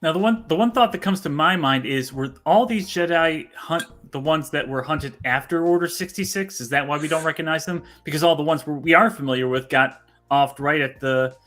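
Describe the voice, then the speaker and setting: A man co-hosting a podcast, measured and thoughtful in casual chat. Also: on the high side, fairly bright tone, soft background music. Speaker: podcast co-host.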